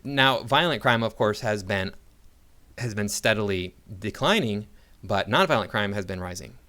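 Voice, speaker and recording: A man's voice: on the low side, animated, moderate pace, bright, forceful tone. An American man commenting on a video in a sarcastic, argumentative way, with frequent restarts. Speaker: online commentator.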